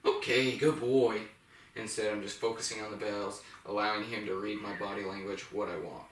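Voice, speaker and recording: A man working as a dog trainer, calmly explaining each step while giving brisk commands to a dog. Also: lowish voice. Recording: echoey room, mic at a distance, noisy.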